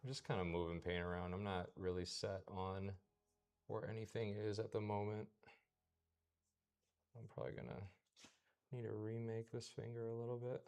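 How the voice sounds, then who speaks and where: A man streaming as he paints, thinking aloud in a mumbled, unhurried way. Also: on the low side, little pitch movement, a little mellow, clear, resonant tone. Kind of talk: casual commentary while painting.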